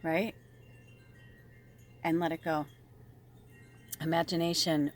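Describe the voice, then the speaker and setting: A chatty woman gives a casual spiritual tarot reading in a mid-pitched voice. She is animated and full of fillers, swears freely, and now and then drops to a soft near-whisper. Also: moderate pace. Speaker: tarot reader and medium.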